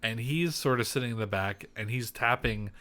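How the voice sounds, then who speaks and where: A man's voice: medium pitch, moderate pace, fairly bright tone. A young man co-hosting a podcast in casual chat, rambling with lots of fillers and restarts. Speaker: podcast co-host.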